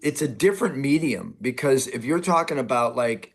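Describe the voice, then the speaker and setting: A man's voice: mid-range voice, normal speed, few pauses. A man with a mid-range voice hosts a casual interview podcast. He talks in long, rambling runs and often acts out the people he quotes. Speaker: podcast host.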